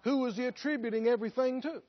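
High-voiced preacher man firing off questions at the congregation, muffled lo-fi sound. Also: fast talker. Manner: rhetorical questions, emphatic. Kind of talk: sermon. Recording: dull lo-fi recording.

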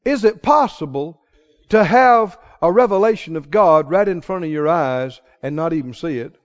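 A man preaching a passionate sermon, pressing his listeners with rhetorical questions and swinging from hushed tones to loud ones. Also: on the high side, lively intonation, normal speed. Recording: reverberant hall, muffled sound.

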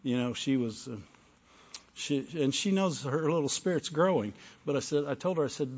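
An older male preacher with a fairly high voice delivers a sermon in a room with a long, ringing reverb. He swings from fervent, rising call-and-response bursts down to quiet, confiding storytelling. The sound is slightly dull and muffled. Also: big pitch swings, normal speed, long pauses, husky. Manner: drops into soft storytelling.

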